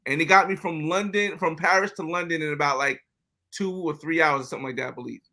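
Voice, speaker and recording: An American man, a podcast guest, telling travel stories in a casual, animated way, often acting out other people's lines. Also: a little high, fast talker. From United States. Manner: animated, acts out quoted dialogue. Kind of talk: casual storytelling interview.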